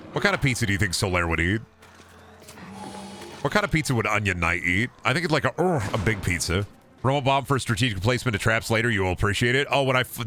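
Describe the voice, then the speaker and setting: A man's voice: mid-range voice, sharp tone. A man streaming a game, rambling through sarcastic, profane riffs and slipping into goofy voices for bits. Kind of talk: casual gameplay commentary.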